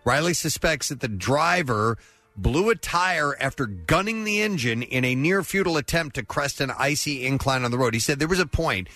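A man's voice: mid-range voice, lively intonation, normal speed, bright, forceful tone, dry recording, faint music behind. A man hosting a radio morning show, reading odd news stories aloud and laughing often as he goes.

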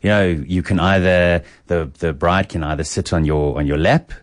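A man co-hosting a radio show, telling stories in a halting way with many restarts. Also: deep voice, steady tone, dry recording, studio quality. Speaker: radio co-host. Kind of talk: casual radio chat.

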